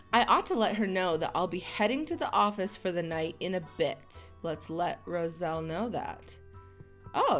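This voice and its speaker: A woman hosting a casual game playthrough, chatting and reading the game's story text aloud in a bubbly way. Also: medium pitch. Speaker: let's play host.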